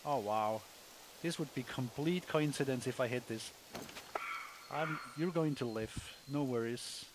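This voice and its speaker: A man's voice: mid-range voice, unhurried, background noise. A man casually commenting on a hunting video game as he plays, thinking aloud with wry asides. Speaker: gamer, let's play host.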